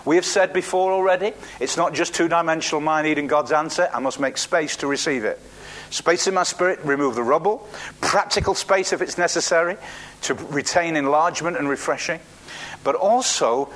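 A man preaching a sermon, telling a Bible story with acted-out quotes and frequent restarts. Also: fairly high pitch. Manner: animated storytelling, acts out quotes, restarts words.

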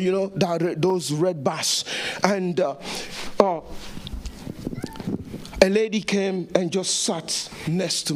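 A man preaching a sermon with passion, repeating phrases, stammering through restarts and rising to shouts. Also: sits high, slight background noise.

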